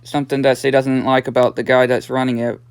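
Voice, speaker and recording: A man's voice: medium pitch, little pitch movement, fast, gravelly, clean tone, no room sound. A nineteen-year-old man casually recapping a cartoon episode, rambling along with lots of "yeah" and "and" fillers. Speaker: episode reviewer.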